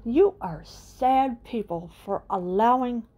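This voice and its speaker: A middle-aged woman rants straight at her audience. She speaks slowly and deliberately, her voice sitting a touch high. She hammers one indignant question after another. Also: darkish tone. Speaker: channel host. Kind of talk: political rant to camera.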